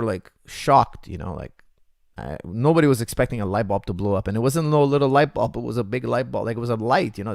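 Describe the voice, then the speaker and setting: A middle-aged man, a coach, talking casually to viewers and telling stories in an animated way, acting out what others said and using many fillers. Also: medium pitch, gravelly, no room sound, studio quality. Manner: animated storytelling, acts out quotes, many fillers. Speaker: coach answering viewer questions. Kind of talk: casual livestream Q&A.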